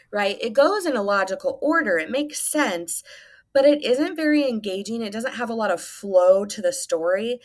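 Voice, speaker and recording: A woman's voice: medium pitch, lively intonation, normal speed. A woman teacher giving a recorded lesson to students, patient and instructive, with frequent "um" fillers.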